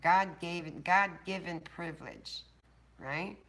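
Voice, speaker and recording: A woman's voice: lowish voice, slow, fairly bright tone. An older woman hosting a casual livestream, chatting bluntly and swearing freely with her viewers. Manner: blunt, profane, talking straight to chat viewers. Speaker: livestream host. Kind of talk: casual live-stream chat.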